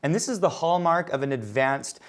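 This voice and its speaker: A man's voice: fairly high pitch, animated, normal speed. A man teaching an online piano lesson, encouraging and counting beats aloud as he plays. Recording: piano playing under the voice.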